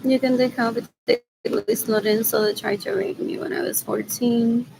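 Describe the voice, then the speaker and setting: A woman's voice: a little high, fairly even intonation, normal speed, creaky, background noise. A woman vlogging in a rambling monologue, repeating herself, drifting between thoughts and muttering asides with Spanish words mixed in.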